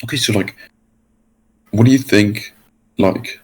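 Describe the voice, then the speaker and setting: A man asking a coach for advice in casual chat, halting and full of fillers. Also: fairly low pitch, breathy edge, poor audio. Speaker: player being coached.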